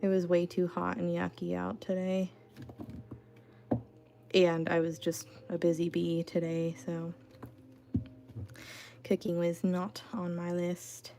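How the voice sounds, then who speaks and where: A woman's voice: on the low side, monotone, slow pace, gravelly, pauses often, warm tone, a little hiss or hum. A woman hosting an art livestream from home, chatting casually with lots of "like" and "you know".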